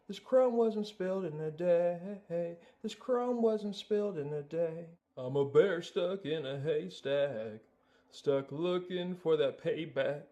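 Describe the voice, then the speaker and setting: A man's voice: on the high side, dark tone. A man voicing a swaggering male cartoon bear, rapping and singing in a put-on accent. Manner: rhythmic rap delivery in a put-on accent. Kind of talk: sung and rapped musical number.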